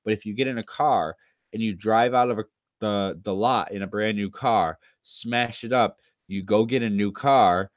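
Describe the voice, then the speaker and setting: A man's voice: on the low side, moderate pace, no echo. A man livestreaming, ranting in a casual, profane and sarcastic way, sounding tired.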